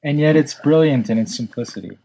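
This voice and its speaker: A man co-hosting a casual podcast chat, wry and joking, with quick asides, on a close mic. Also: medium pitch, gravelly, mellow, a little hiss or hum, low-quality recording. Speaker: podcast co-host.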